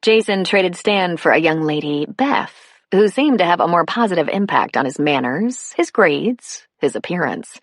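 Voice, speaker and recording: A woman narrating an audiobook in a steady, unhurried reading. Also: fairly low pitch, dry recording, studio quality. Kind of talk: scripted narration.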